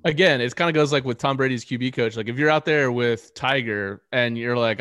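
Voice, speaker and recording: A man's voice: mid-range voice, fairly quick, hardly any pauses, a bit bright, no room sound, clean studio sound. A young man co-hosting a sports podcast, laying out figures in a matter-of-fact, casual way. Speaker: podcast co-host. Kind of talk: casual chat.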